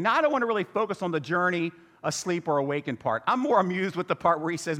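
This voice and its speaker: A man's voice: high voice, fast talker, in a large hall. A man preaching a humorous sermon as pastor, telling the story with jokes and asides. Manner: animated, joking storyteller. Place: church sanctuary.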